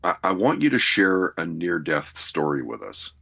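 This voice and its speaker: A man hosting a podcast, asking questions in a relaxed, wry way. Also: low-pitched, normal speed, vocal fry, breathy edge, no room sound. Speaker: podcast host. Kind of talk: casual interview.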